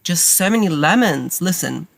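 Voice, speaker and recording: A woman's voice: on the low side, animated, normal speed, gravelly, dry recording. A woman in her thirties with a cold, hosting a podcast from a parked car, talking in a chatty, rambling and self-mocking way. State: has a cold. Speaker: podcast host. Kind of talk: casual monologue to listeners. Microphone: makeshift mic setup.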